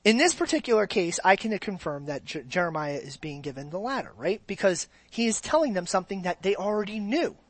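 A woman's voice: medium pitch, animated, a little fast, few pauses, husky, no echo. A woman preaching a sermon in a conversational way, often checking in with the congregation. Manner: conversational, keeps checking in with the audience.

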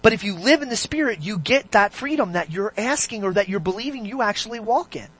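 Animated preacher full of rhetorical questions. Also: mid-range voice, brisk, slightly rough. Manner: animated, fires rhetorical questions at the congregation, swings between loud and hushed. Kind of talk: sermon.

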